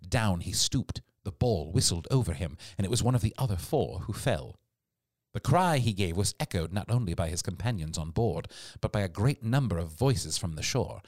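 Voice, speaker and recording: A man narrating a classic adventure story in an expressive storytelling read. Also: low voice, no room sound, studio quality. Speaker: audiobook narrator. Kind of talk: scripted narration.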